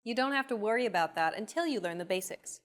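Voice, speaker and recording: A woman hosting a language lesson, reading a scripted narration in a clear, upbeat teacher's manner. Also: medium pitch, expressive, fast.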